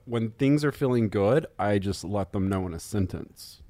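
A man co-host tells candid, self-mocking stories in casual podcast chat. His pitch moves a lot, and his voice sits in a middle range. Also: lively intonation, moderate pace, warm tone.

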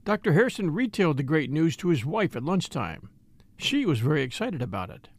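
A man narrating an audiobook in a measured storytelling manner, also voicing a wry country doctor. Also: on the high side, big pitch swings, no echo. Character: middle-aged country doctor, dry and wry. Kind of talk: audiobook reading.

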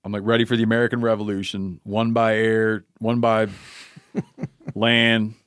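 A man's voice: fairly low pitch, completely flat delivery, a little slow, a bit bright, clear, resonant tone, no room sound, clean studio sound. A man hosting a podcast, telling a rambling, playful story in casual chat. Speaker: podcast host.

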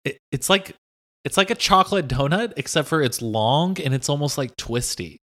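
A man's voice: a little high, expressive, normal speed, fairly bright tone. A man co-hosting an improvised comedy bit, playful and rambling with an enthusiastic tone.

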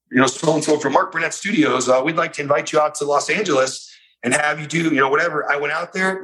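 Bright-voiced man telling a story. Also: a little high, a little hiss or hum, poor audio. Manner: animated, fast-paced anecdote with many fillers. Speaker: guest. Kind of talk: storytelling in a casual interview.

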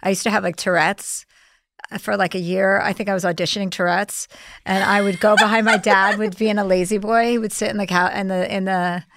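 A woman's voice: mid-range voice, fairly quick, background noise. A middle-aged woman telling blunt, profane comic stories in a casual chat. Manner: blunt, profane, animated storyteller.

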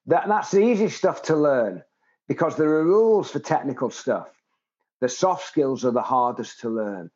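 A man's voice: mid-range voice, darkish tone, lo-fi sound. A man in his seventies, a guest in an interview, who tells stories with animation and acts out the people he quotes. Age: 70s. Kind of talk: interview conversation.

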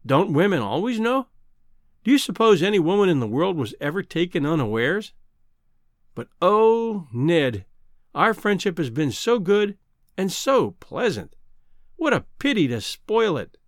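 A man reading a novel aloud, voicing a proud, cool-headed young woman who gently turns down a suitor. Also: high-pitched, big pitch swings, unhurried, no echo, studio quality, heavily acted. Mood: reproving. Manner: gently reproving, composed.

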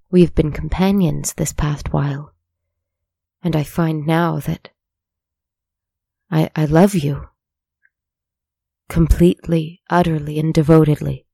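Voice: mid-range voice, steady tone, slow pace, vocal fry, pauses often, mellow, no room sound, studio quality. A storyteller voicing a proud witch who pleads with intensity. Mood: pleading. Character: proud, desperate witch, adult woman.

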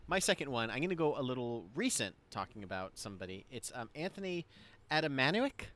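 A man in a loose podcast conversation, mid-pitched and easygoing. He rambles through his points with plenty of "you know" and "like", tossing in jokes along the way. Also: big pitch swings, quick pace, a bit bright, no room sound. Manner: rambling, jokey, with many fillers. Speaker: podcast co-host. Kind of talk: casual chat.

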